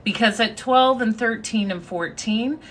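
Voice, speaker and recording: A woman's voice: fairly high pitch, measured pace, fairly bright tone. A woman giving a confident, sassy motivational talk on a live stream, thanking her viewers as she speaks. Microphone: phone.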